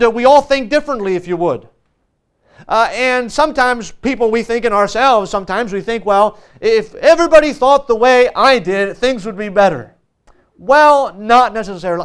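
High-voiced, clear-toned male pastor preaching. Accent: American. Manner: reads scripture slowly, then preaches with many fillers. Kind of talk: sermon.

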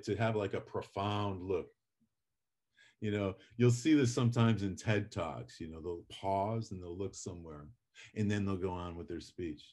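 A middle-aged man runs a public speaking class, his voice sitting a little low. He lectures casually, swinging between loud and quiet to show his points. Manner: animated, varies volume and pace for effect.

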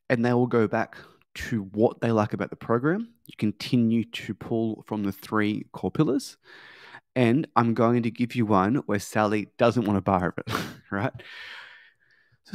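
A male sales trainer runs a training session with role-play, speaking loosely and conversationally with lots of filler words. His voice is medium in pitch and pace, in an ordinary middle range, and the recording is dry with no echo.

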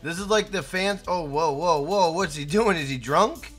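A man's voice: on the high side, moderate pace, faint music behind. A young man live-streaming a game, chatting casually and hyping up his chat by name. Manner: hyped, shouts out chat names.

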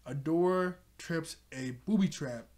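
A man's voice: on the high side, a little slow, a little mellow. A man recapping a cartoon episode in a loose, rambling way, full of fillers like "like" and "you know", often chuckling. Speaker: TV show reviewer.

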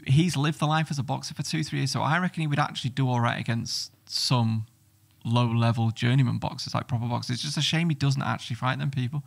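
Man, middle-aged, gravelly voice, blunt and sweary, podcast guest, casual chat. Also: medium pitch, fast, few pauses. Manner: blunt, sweary, animated storytelling.

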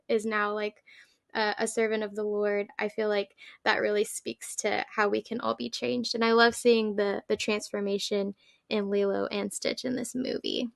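A woman's voice: on the high side, creaky, fairly bright tone, dry recording, studio quality. A woman guest on a podcast, talking in an earnest, heartfelt casual chat. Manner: earnest, heartfelt, tearing up at times.

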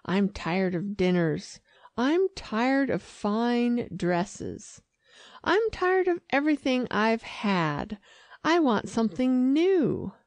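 A woman's voice: big pitch swings, takes it slowly, no echo, heavily acted. A woman reading an audiobook, voicing a restless young wealthy wife in a raised, pleading voice. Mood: eager, pleading. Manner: pleading, high-pitched eager lines.

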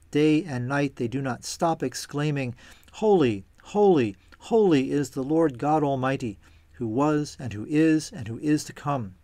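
Man, church reader, measured reverent delivery, mid-pitched voice, dry close sound. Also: darkish tone, dry recording. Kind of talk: scripture reading with a short reflection.

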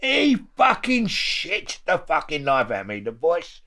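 A man's voice: a little high, wildly swooping pitch, unhurried, sharp tone. A middle-aged man with a London accent telling stories casually, swearing heavily and laughing often. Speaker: guest. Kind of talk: casual storytelling.

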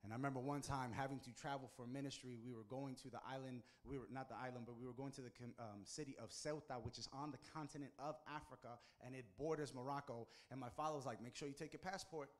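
A man from the United States, a pastor, preaching a sermon in a storytelling way and pushing his voice higher and louder for emphasis. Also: fairly even intonation, quick pace, hardly any pauses.

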